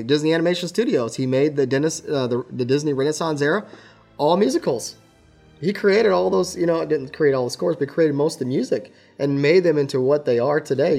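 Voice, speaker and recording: A man co-hosting a casual film review chat, opinionated and joking, with a gravelly voice. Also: on the high side. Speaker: podcast co-host.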